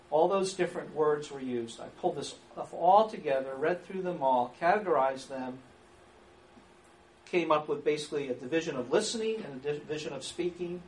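A man teaching a church class on counseling, lively and acting out sample questions, with an occasional chuckle. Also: on the high side. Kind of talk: church training lecture. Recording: echoey room from far off, faint hiss.

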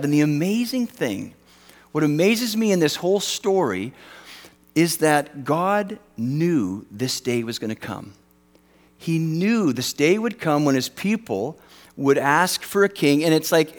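Animated male pastor preaching in a hall. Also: on the high side. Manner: animated, self-deprecating, acts out quoted voices. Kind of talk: sermon. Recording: long reverb of a large hall.

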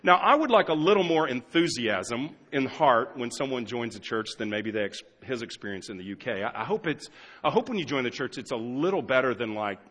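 A middle-aged American man preaching a sermon as pastor, moving from quiet asides to loud emphatic lines. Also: medium pitch, animated, brisk, husky, big-room sound. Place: church sanctuary.

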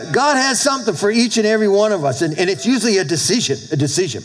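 Animated man preaching a sermon. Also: sits high, quick pace, poor audio. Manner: animated preaching with call-and-response asides. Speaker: pastor. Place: church with a congregation.

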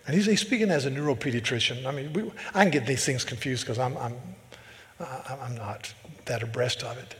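A man's voice: mid-range voice, fairly quick, fairly bright tone. A man from the American South, preaching a sermon as a pastor. He talks emphatically and repeats words as he builds a point. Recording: long hall reverb.

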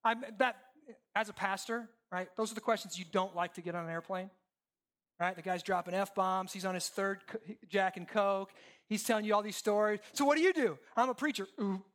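A male pastor preaching a sermon in a conversational, animated way, asking the congregation questions and swinging between loud and hushed. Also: high voice, moderate pace. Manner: conversational, asks the crowd questions.

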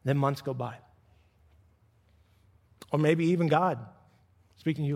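A middle-aged man preaching, his voice sitting a little high for a man. He acts out quoted voices, jumping up in pitch and then dropping back to a calm, low delivery. His words ring out with the long reverb of a large hall. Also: unhurried, long pauses. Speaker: pastor. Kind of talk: sermon.

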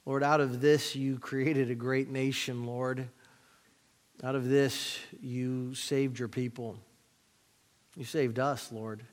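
A man's voice: medium pitch, flat delivery, slow. A man preaching as a pastor, reading scripture with plain-spoken, jokey asides and leading a prayer. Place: church sanctuary. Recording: reverberant hall.

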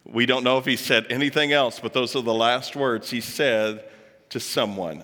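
Speaking at medium pitch and a normal pace, a man with a bright, forceful voice jokes with a live audience and poses questions to them. He's chatty, tosses in joking asides, and does voices for quotes, while a large hall gives his words a long reverb.

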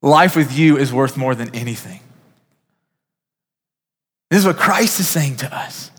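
Earnest pastor preaching in a reverberant hall. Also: male voice, mid-range voice, animated, measured pace. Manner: earnest, names listeners, rises to emphatic peaks then drops soft. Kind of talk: sermon. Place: church sanctuary.

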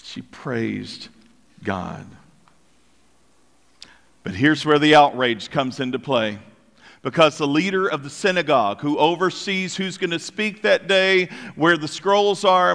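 A male pastor preaching a sermon and acting out the story's characters with lively voices. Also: a little high. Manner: animated, acts out voices of characters. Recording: long hall reverb.

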